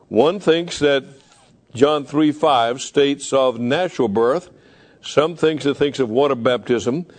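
A middle-aged man preaching as a pastor, emphatic and slowing down to repeat key phrases. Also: fairly high pitch, darkish tone. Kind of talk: sermon.

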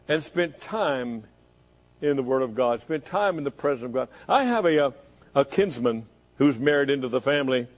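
Fervent preacher, slightly high voice. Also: male voice, a little mellow, rough recording. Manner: fervent, with repeated rhetorical questions. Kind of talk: sermon.

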